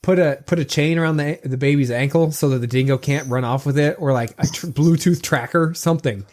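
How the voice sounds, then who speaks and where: A man's voice: on the high side, a little fast, a little mellow. A man co-hosting a casual podcast who rambles playfully and laughs often. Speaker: podcast co-host.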